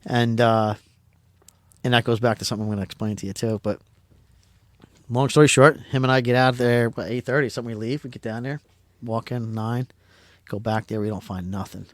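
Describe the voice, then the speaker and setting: A middle-aged man from Pennsylvania, a podcast guest telling a story in casual, rambling, excitable talk that stumbles over repeated words. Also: mid-range voice, brisk, pauses often, no room sound.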